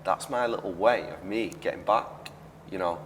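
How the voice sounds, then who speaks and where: A man's voice: low voice, normal speed, a little hiss or hum. A man hosting a casual interview podcast, earnest and repeating phrases for emphasis. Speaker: podcast host. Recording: echoey room, distant mic.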